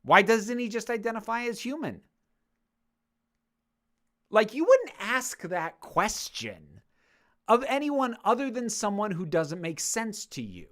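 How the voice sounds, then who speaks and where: A woman's voice: medium pitch, sing-song, unhurried, long pauses, fairly bright tone. A woman answering viewer questions in a casual monologue, speaking passionately, getting worked up and swearing freely.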